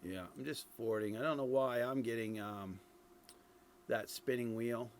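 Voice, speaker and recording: A man's voice: medium pitch, normal speed, slight background noise. A middle-aged man from Ireland giving casual commentary on game footage, thinking aloud with many fillers and restarts. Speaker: streamer reviewing game dev footage.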